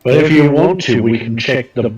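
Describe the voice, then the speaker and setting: A man's voice: mid-range voice, moderate pace, darkish tone, far from the mic, dull audio, soft background music. A man playing in a tabletop game, chatting casually and drawling out in-character banter. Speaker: player. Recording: echoey room.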